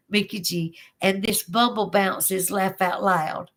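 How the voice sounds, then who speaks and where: A woman's voice: medium pitch, fairly even intonation, slow pace, gravelly. Chatty Southern woman hosting a livestream. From Southern United States. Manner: chatty, giggly, drawling, warm-hearted with viewers. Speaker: livestream host. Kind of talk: casual livestream chat reading comments.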